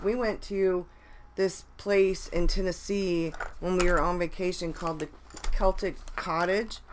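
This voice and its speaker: Low-voiced woman chatting casually on a livestream. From United States. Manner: rambling, with many restarts and fillers. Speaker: vlogger. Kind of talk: casual live chat.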